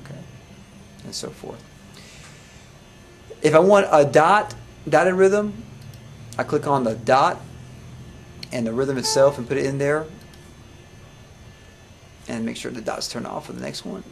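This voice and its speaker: A man teaching music software to a class, talking casually with many restarts and questions to the students. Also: medium pitch, unhurried, gravelly, pauses often, slight background noise. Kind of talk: live classroom software demo.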